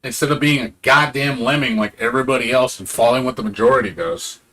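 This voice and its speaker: A male streamer rants off the cuff with plenty of swearing, and his voice sits at an ordinary, mid-range pitch. He talks in a sarcastic, exasperated way and drops into mocking impressions of other people. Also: quick pace, fairly bright tone. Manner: profane, sarcastic, mocks others in put-on voices. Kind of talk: casual ranting commentary while streaming.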